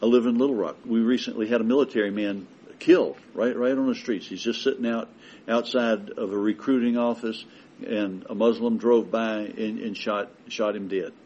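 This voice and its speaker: A man preaching a sermon with emphatic delivery that builds to forceful declarations. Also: on the low side, steady tone, moderate pace, slightly rough, lo-fi sound.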